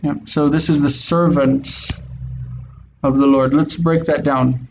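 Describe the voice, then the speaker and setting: A man's voice: a little high, fairly even intonation, takes it slowly, vocal fry, slight background noise, low-quality recording. A man teaching a Hebrew class, patiently drilling pronunciation and repeating words. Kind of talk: slow online class teaching.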